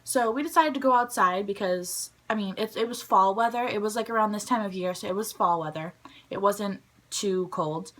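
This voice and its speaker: A young woman telling a story from her school days in a chatty vlog style, full of "like" and quick asides. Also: medium pitch. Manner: chatty, animated, heavy use of "like". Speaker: vlogger. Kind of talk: casual storytime.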